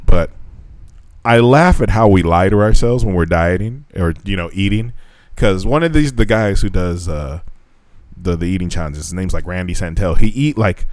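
A man's voice: normal speed, no room sound. A man co-hosting a casual podcast chat, rambling and swearing a lot, his voice jumping up when he gets worked up. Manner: heavy swearing, rambling with restarts; animated, voice jumps high when telling stories. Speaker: podcast co-host. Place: living in Japan.

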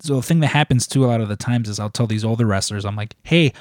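A man's voice: fairly low pitch, rapid-fire, a little mellow, no echo, studio quality. A man in casual chat, telling stories in a rambling way, full of filler words. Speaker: wrestling merchandise shop employee asking questions.

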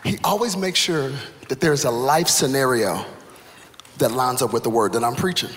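A male pastor in his thirties preaching a sermon, telling a funny story with animated energy that builds to excited shouts. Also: medium pitch, moderate pace, a little hiss or hum. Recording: echoey hall, live room ambience.

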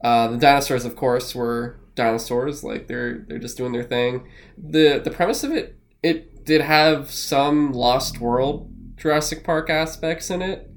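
Excitable male co-host, rambles, curses freely, casual podcast chat. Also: mid-range voice, measured pace. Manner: rambling, excitable, swears often.

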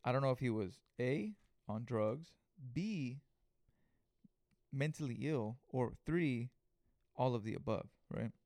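Young male podcast host, loose profane storyteller, mid pitch, dry close sound. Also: slow pace, no echo. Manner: profane, animated retelling with acted-out quotes. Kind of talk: casual storytelling monologue.

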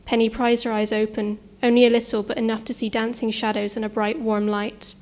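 A woman's voice: a little high, little pitch movement, darkish tone. Woman narrating a suspense story. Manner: measured, tense storytelling.

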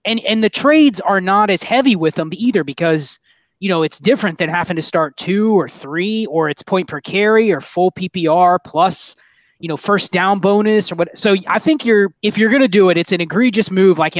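A man's voice: sits high, moderate pace, no echo. A man in casual podcast chat, laying out his reasoning in long, qualified runs of talk. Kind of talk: casual fantasy football chat.

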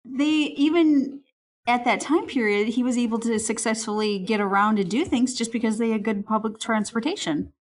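A woman in casual conversation, an animated storyteller who laughs often while recounting a book. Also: on the high side, moderate pace.

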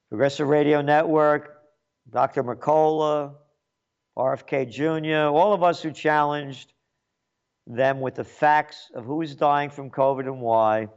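A sarcastic New York man hosts a commentary show, ranting through a monologue in a voice on the high side, with the highs cut off. He mocks freely, swinging between loud jabs and muttered asides.

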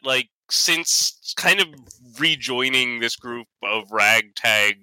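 A man's voice: mid-range voice, expressive, slow, few pauses, bright, forceful tone, clear, resonant tone, no echo, low-quality recording. A man playing a tabletop game, chatting casually in a rambling way full of fillers. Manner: rambling, lots of fillers and laughs. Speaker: player.

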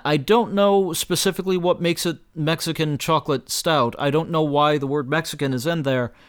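A man's voice: a little high, clear, resonant tone. A man giving a casual spoken beer review, stumbling through restarts and fillers as he searches for words. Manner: halting, many restarts and fillers.

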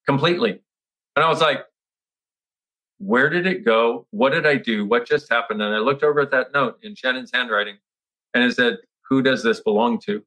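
Brief: middle-aged man, interview guest, bright and forceful tone, lively storytelling with acted-out quotes. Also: mid-range voice, rough recording. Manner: animated, acts out his past self with exclamations; frequent restarts and filler words. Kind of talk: personal storytelling in conversation.

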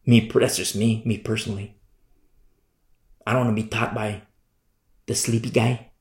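A man preaching a sermon as pastor, hammering his points by repeating them and swinging between loud and hushed. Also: on the low side, little pitch movement, normal speed. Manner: emphatic, repetitive preaching with sharp swings in loudness. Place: church room. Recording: roomy echo.

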